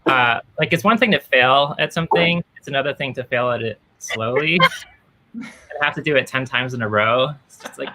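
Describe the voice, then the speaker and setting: A woman's voice: very deep voice, moderate pace, pushed and bright, slight background noise. A woman performing a stand-up set over a video call, dry and self-deprecating, acting out quoted lines. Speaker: stand-up comedian.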